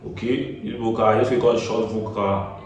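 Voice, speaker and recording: A man's voice: on the low side, steady tone, normal speed, darkish tone. A Nigerian man giving a casual music-recording tutorial. He is chatty, repeats himself and slips in Pidgin asides like "get me?". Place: small echoey room. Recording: echoey room, voice far from the mic.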